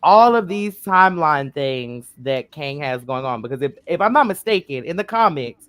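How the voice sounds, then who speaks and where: Man rambling through an excited explanation. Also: fairly high pitch, moderate pace, dry recording. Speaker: panelist. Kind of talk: casual group chat.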